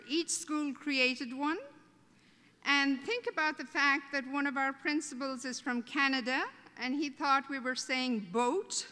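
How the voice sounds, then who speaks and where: A woman with an Irish accent hosting a convention, giving a warm, joking welcome speech. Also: sits high. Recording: reverberant convention hall.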